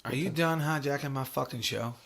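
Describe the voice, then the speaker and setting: A man's voice: medium pitch, fairly quick, vocal fry, fairly bright tone. A man with a Kentucky accent hosting a podcast, teasing and swearing casually with his guest. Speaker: podcast host. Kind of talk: casual chat.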